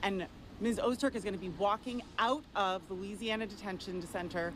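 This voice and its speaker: A woman lawyer giving a press statement in a firm, measured, formal manner. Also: medium pitch, fairly bright tone, slight background noise, rough recording.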